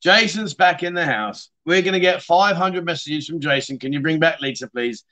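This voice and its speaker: A man's voice: fairly high pitch, moderate pace, sharp tone. A middle-aged man, hosting a casual livestream chat show, reading viewer comments and rambling into stories with matey banter. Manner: chatty, rambling storyteller with mates' banter.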